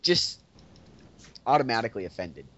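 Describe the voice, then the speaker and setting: A man's voice: medium pitch, sing-song, normal speed, pushed and bright. A man co-hosting a casual podcast who talks hesitantly, restarting his sentences and saying "like" often. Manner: hesitant, restarts a lot and leans on "like". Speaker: podcast co-host. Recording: dull lo-fi audio.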